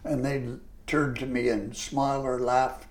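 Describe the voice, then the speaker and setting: An older retired lecturer telling stories of his past, animated when he quotes people. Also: mid-range voice, a little slow. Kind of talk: reminiscing storytelling.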